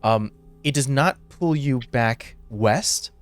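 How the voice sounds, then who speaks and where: A man's voice: medium pitch, slow pace, faint music behind. A man narrating as game master of a tabletop game, rambling with many filler words.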